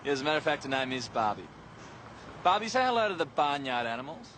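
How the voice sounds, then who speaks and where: A man's voice: on the high side, very animated, fast talker, fairly bright tone, a little hiss or hum. An actor playing a cocky, mocking Australian man in a TV drama. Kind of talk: TV drama acting.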